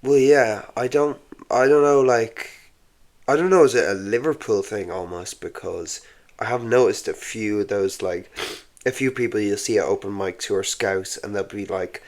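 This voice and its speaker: A man's voice: fairly low pitch, normal speed, darkish tone. A man, a comedian guest in casual chat who hesitates, trails off and laughs a lot.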